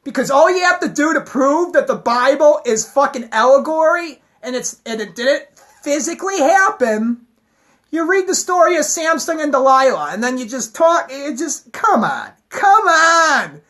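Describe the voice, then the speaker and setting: A woman's voice: sits high, lively intonation, normal speed. A woman giving a heated, profane, rambling rant to her camera. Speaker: vlogger.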